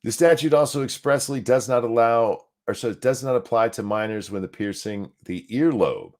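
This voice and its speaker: A man's voice: medium pitch, animated, normal speed. A man co-hosting a podcast, reading a news article aloud and breaking off for crude sarcastic remarks. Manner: reads aloud with sarcastic asides and profanity.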